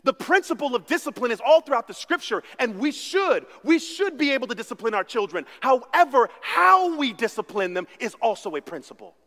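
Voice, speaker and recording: Pastor guy preaching, animated, goes quiet then shouts, bright sharp voice. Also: very high-pitched, brisk, hardly any pauses. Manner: animated storytelling, swings from hushed to shouting. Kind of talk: sermon. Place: church sanctuary. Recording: long reverb of a church hall.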